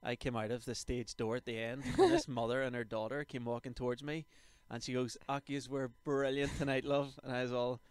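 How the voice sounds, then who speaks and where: A man in his thirties with a Northern Irish accent, hosting a casual podcast chat and telling stories with lots of swearing and loud laughs. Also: mid-range voice, quick pace, few pauses, clear, resonant tone, dry recording. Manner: animated storytelling, swears freely, laughs loudly. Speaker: podcast host.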